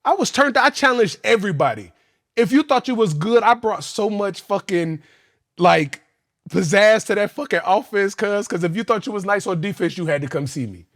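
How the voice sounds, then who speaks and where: A man telling his football career story on a podcast, animated, profane and slangy. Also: high voice, moderate pace, no echo, clean studio sound.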